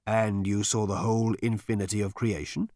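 A man voicing a male alien disembodied mind, a timid guardian who speaks in a stammering, halting, awestruck way. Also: on the low side, fairly even intonation, darkish tone, no room sound, studio quality, natural voice. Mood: astonished.

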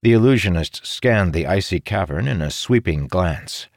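A man narrating a fantasy story in an expressive, dramatic storytelling manner. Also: deep voice, normal speed, no echo, studio quality. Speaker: audiobook narrator.

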